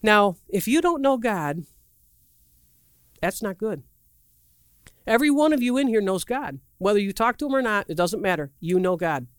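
Lively, rambling preacher storyteller. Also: normal speed, long pauses, no echo, clean studio sound. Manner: animated storytelling, acting out quotes with big pitch swings; asks the audience questions directly. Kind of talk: sermon.

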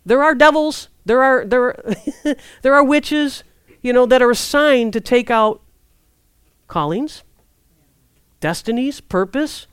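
A woman preaching a sermon in a conversational, lively way, acting out prayers and inner thoughts. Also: fairly high pitch, clear, resonant tone, no room sound, studio quality.

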